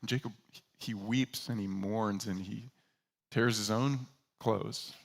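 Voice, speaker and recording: A man preaching a sermon as pastor, telling a story with animated delivery and acting out the characters he quotes. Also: fairly low pitch, slow pace, creaky, big-room sound.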